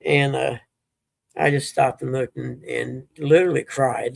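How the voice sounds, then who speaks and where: A man's voice: mid-range voice, fairly even intonation, measured pace, dry recording. A middle-aged man, telling rambling stories as a livestream host in casual chat. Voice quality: gravelly, husky. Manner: rambling, laid-back storytelling.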